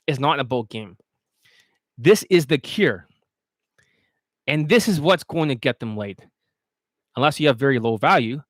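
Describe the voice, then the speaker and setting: A man talking as a dating coach in a casual livestream, blunt, boastful and full of swearing as he pitches his products. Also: fairly bright tone, dry recording, studio quality.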